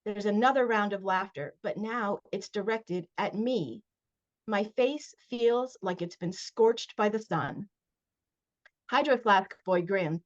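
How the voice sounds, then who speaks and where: A woman author reading aloud from her middle-grade novel at a virtual launch event, expressive in the first person, with short casual recaps. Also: medium pitch, slow. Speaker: children's book author. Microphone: video call. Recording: dull lo-fi video call audio.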